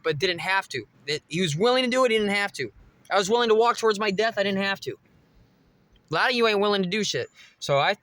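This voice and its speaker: A man's voice: high-pitched, pushed and bright, no room sound. A young man vlogging, telling a rambling, profane story straight to his viewers. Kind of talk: casual monologue to camera.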